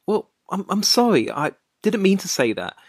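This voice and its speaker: A woman's voice: mid-range voice, very animated, normal speed, darkish tone, husky, dry recording, studio quality. A woman voicing an anxious young man who pleads and grows exasperated in a dramatized story. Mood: pleading. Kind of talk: dramatized short story reading.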